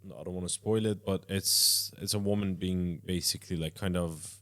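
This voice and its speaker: A young man hosting a podcast, talking quickly and often laughing in casual chat. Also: deep voice, steady tone, fairly bright tone. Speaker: podcast host.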